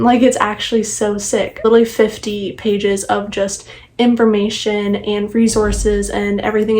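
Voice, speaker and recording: A woman's voice: mid-range voice, darkish tone, poor audio. A young woman vlogging casually, chatty and upbeat with lots of fillers. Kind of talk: casual vlog.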